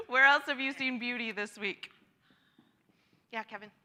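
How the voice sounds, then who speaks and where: A bright, forward woman's voice leads a church gathering, chatty and encouraging with frequent laughter. Her slightly high voice rings out with the long reverb of a church hall. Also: very animated, a little slow. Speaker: church worship leader. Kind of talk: leading a congregation sharing time. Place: church sanctuary.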